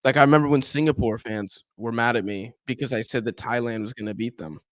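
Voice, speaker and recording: Over a dry recording, a young man with a mid-range voice talks quickly while hosting a football watch-along. He chats casually with viewers, commentates on the game, and animatedly acts out what fans complain about him.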